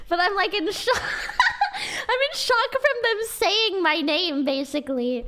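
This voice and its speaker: A woman's voice: lively intonation, takes it slowly, few pauses, pushed and bright. Giggly young woman with a childlike voice. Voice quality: very high, childlike voice. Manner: chatty, giggly, rambling. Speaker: streamer. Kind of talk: casual livestream chat.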